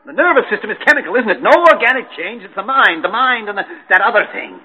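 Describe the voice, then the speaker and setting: A man's voice: high-pitched, expressive, quick pace, pushed and bright, exaggerated voice. An actor playing a desperate, unhinged male chemist in a vintage radio drama, ranting and quoting scripture with stammers. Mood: ranting, despairing. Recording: tinny band-limited old recording, echoey.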